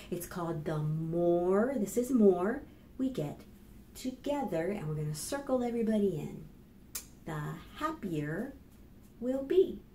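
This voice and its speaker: A woman librarian leading a children's storytime, reading aloud in an animated, sing-song way and talking straight to young children. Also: mid-range voice, echoey room, slight background noise.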